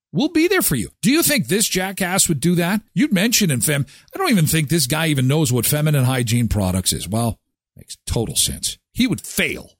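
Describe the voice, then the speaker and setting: A man's voice: medium pitch, dry recording, studio quality. A man hosting a live morning talk show, chatting and joking with callers and reading ads. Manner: jokey, chatty, laughs often. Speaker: host.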